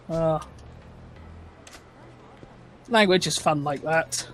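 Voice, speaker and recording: A man's voice: a little high, steady tone, measured pace, pauses often, pushed and bright, smooth. A man talking casually with friends during a game session, rambling and laughing often. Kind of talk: casual chat.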